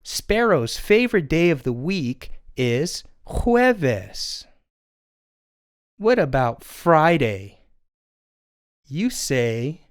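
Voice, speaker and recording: A puppeteer voicing a friendly little sparrow puppet who teaches children, speaking in an encouraging, drawn-out way. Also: mid-range voice, no echo, studio quality. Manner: sing-song, encouraging, drawn-out words. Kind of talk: children's lesson.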